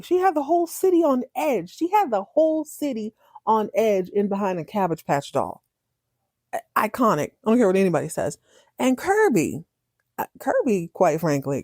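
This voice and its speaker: A woman chatting casually as a podcast host, animated and acting out lines in different voices. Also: medium pitch, no echo, studio quality. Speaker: podcast host recapping a TV drama. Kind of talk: casual chat.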